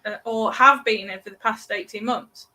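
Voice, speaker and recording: Bright-voiced British woman, halting. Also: fairly high pitch, steady tone. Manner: halting, many restarts and likes. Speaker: guest, parenting coach. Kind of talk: casual podcast interview.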